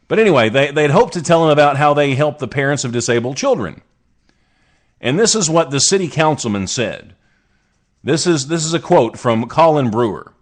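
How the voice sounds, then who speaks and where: A man from the States hosts his own show and riffs on strange news with a sarcastic, rambling delivery. His pitch swings widely as he jokes through each story. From United States. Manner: sarcastic, rambling asides with restarts. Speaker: podcast host. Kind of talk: casual comedic news commentary.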